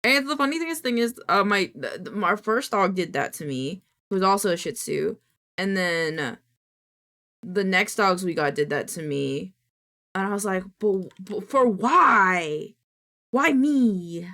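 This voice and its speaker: A woman's voice: lowish voice, expressive, moderate pace, fairly bright tone. A woman VTuber streamer in casual live-stream chat, chatty and swearing freely as she coos at her cat.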